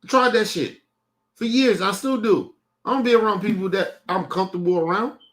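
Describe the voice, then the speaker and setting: A man's voice: sits high, a little fast, a bit bright. Heated, profane man ranting on stream. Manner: heated, profane, repeats himself. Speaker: streaming show host. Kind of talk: casual rant to a stream audience.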